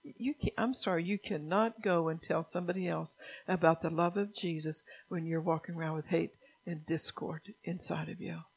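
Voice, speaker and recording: A middle-aged woman preaching a fervent sermon, scolding the listeners and rising to loud, emphatic bursts. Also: on the low side, fairly even intonation, normal speed, creaky, few pauses, husky, low-quality recording.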